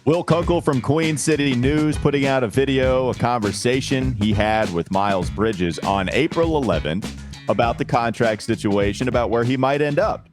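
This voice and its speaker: A man hosting a casual sports podcast, teasing his co-host and laughing often. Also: fairly low pitch.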